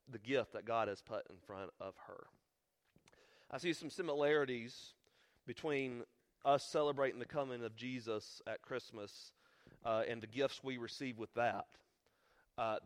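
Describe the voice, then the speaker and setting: Pastor, male, mid-pitched, earnest sermon delivery with weighty pauses and rising emphasis. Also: a bit bright.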